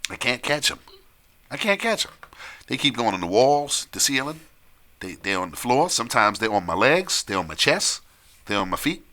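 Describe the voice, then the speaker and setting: A man telling a long story in casual chat on a live stream, animated, repeating phrases and laughing often. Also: medium pitch, normal speed.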